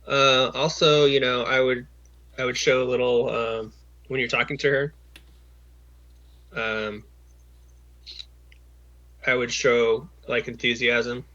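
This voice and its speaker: Guy coaching over zoom, bright edgy voice, patient and encouraging, lots of ums, muffled lo-fi call audio. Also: mid-range voice, steady tone, takes it slowly, pauses often. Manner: patient, encouraging, many fillers and restarts. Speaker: job coach. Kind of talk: casual one-on-one coaching on a video call. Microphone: video call.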